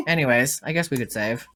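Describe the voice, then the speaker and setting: A woman voicing a game with friends, chatting casually and laughing at herself. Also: lowish voice. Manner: giggly, self-deprecating. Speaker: voice actor on a group game channel.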